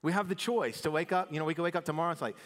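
A man preaching a sermon in a relaxed, talky way, dropping almost to a hush and then lifting his voice again. His voice carries a long reverb from a big sanctuary. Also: a little high, very fast. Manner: conversational, swings between soft and loud. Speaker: pastor.

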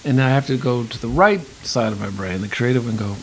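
A man's voice: medium pitch, brisk, rough recording. Reflective middle-aged man with faint hiss. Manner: thoughtful, rambling, with frequent restarts. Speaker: actor and acting teacher. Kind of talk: conversational interview.

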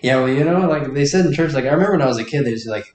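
Guy thinking out loud, kinda far from the mic, roomy sound. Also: mid-range voice, rapid-fire. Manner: musing, relaxed, hedging. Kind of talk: casual conversation.

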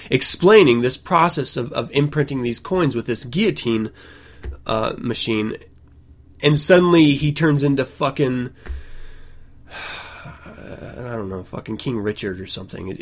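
Male solo podcast host, casual and profane, prone to loud exasperated rants. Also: mid-range voice.

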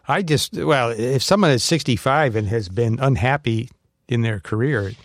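A man's voice: medium pitch, moderate pace, no room sound. A man speaking as a podcast guest in a thoughtful, hesitant way with many fillers. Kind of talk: casual chat.

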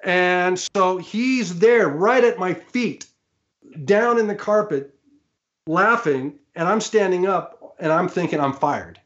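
A man's voice: high-pitched, takes it slowly. A man guest, a former studio engineer, telling stories animatedly with laughter and frequent restarts. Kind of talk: anecdotal storytelling. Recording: slightly muffled remote audio.

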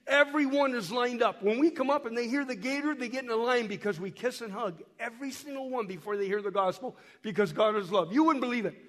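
Man, missionary, high voice, folksy storytelling to a church, repeats words, hoarse from a cold, echoey church hall. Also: quick pace, few pauses, fairly bright tone. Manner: folksy, repeats and restarts words, speaks directly to the congregation. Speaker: missionary guest speaker. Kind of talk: storytelling talk to a church while showing photos.

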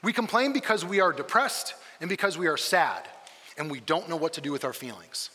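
A man preaching a sermon as a campus pastor, telling the story in a lively way and acting out the quoted lines. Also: a little high, a little fast, slightly rough, in a large hall.

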